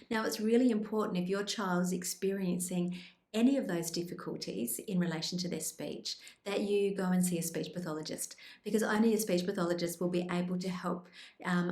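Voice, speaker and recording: A woman speech pathologist presenting tips in an instructional video, with a calm, clear explanatory delivery. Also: lowish voice, reverberant. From Australia.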